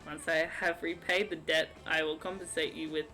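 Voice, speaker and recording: A woman putting on a pompous, overly formal prince for a scam letter, slow and stately, reading game dialogue aloud. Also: sits low, level tone, bright, forceful tone, soft background music.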